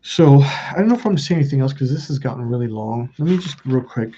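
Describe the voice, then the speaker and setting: Husky man, warm low timbre, blunt profane storytelling, dull lo-fi recording. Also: lively intonation. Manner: blunt and profane, quick asides. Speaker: self-help video host. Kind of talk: casual confessional storytelling.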